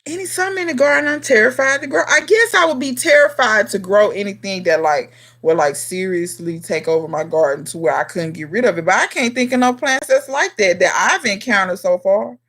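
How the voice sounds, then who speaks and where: Brisk and animated, with hardly any pauses, this home gardener's medium-pitched, fairly bright voice drives a casual live question-and-answer stream. The host talks straight to viewers by name, teasing them with mock scolding.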